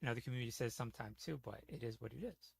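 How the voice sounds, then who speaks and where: A man's voice: mid-range voice, very fast, gravelly, slightly rough. A man chatting casually on a gaming stream, telling rambling, profane stories full of "you know". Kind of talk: casual storytelling chat.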